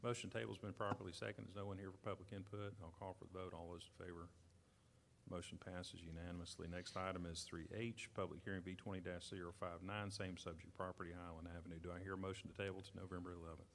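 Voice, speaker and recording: Man, deep voice, fast clipped chairman reading the agenda, faint gym ambience. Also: flat delivery, creaky, slight background noise. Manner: brisk, routine parliamentary phrasing. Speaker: board chairman. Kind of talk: formal meeting procedure. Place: community center gym.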